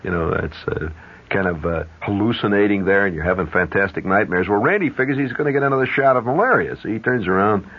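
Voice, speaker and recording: Husky radio storyteller spinning a yarn. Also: male voice, on the low side, quick pace. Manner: rambling, animated yarn-spinning with asides. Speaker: radio host. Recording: dull 1970s radio broadcast.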